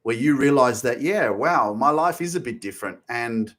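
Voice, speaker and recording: A man's voice: mid-range voice, lively intonation, moderate pace, a bit bright. Passionate, swearing motivational podcaster man. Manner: passionate, emphatic, swears freely, repeats phrases for emphasis. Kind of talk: motivational monologue.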